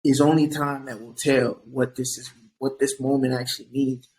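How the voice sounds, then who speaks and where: A man's voice: medium pitch, flat delivery, moderate pace, a little mellow, a little hiss or hum, rough recording. A young man, a physician guest on an interview, speaking earnestly and reflectively, often repeating words as he starts a thought. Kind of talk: earnest conversational advice.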